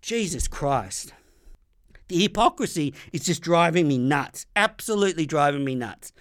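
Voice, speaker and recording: A man's voice: on the high side, lively intonation, moderate pace, dry recording, studio quality. Furious sweary Australian man ranting. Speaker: podcast host. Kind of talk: angry sports rant.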